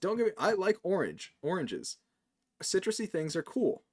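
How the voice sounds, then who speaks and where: A man from New rants in casual stream chat, saying "like" constantly. His voice sits a little high and moves in a lively way. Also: moderate pace. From New York. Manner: animated ranting, says "like" a lot, laughs often.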